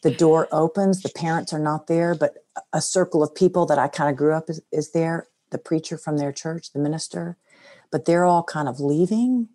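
A middle-aged woman sharing a personal faith story in conversation, earnest and soft-spoken. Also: low voice, moderate pace. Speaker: guest.

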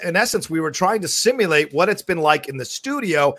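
A man co-hosting a casual chat show, his voice sitting slightly high. He rambles with enthusiasm, stumbling and restarting as he goes. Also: expressive, a little fast, fairly bright tone. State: out of breath. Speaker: co-host.

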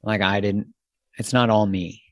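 A man hosting a podcast, speaking in an earnest, thoughtful way and often pausing to find his words. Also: lowish voice, fairly even intonation, no echo. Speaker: podcast host. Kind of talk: casual podcast conversation.

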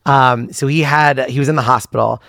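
A man's voice: mid-range voice, creaky, no room sound, studio quality. A man guesting on a podcast, telling family stories casually with wry asides. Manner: wry, animated storytelling with quick asides and laughs. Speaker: comedian guest. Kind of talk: casual storytelling interview.

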